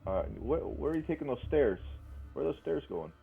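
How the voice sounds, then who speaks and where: A man playing a friendly deep gnome over a tinny line. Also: sing-song, a little fast, gravelly, husky, faint music behind, full character voice.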